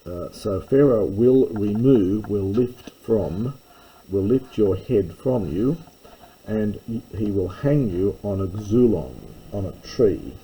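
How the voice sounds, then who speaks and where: A man's voice: lowish voice, animated, slow pace, dark tone, slightly rough, poor audio. A man teaching a verse-by-verse lesson on Greek scripture, thinking aloud with fillers and self-corrections. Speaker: Bible teacher.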